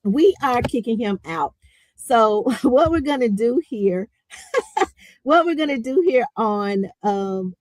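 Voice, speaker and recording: A woman's voice: medium pitch, a little mellow, no echo, low-quality recording. A woman hosting a podcast, talking in an upbeat, chatty way. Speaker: podcast host. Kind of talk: casual podcast chat.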